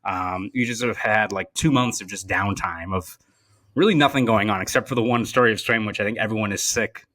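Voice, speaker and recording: A man's voice: lowish voice, brisk, bright, forceful tone. A young man hosting a sports podcast, chatting casually and often repeating words as he thinks. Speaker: podcast host.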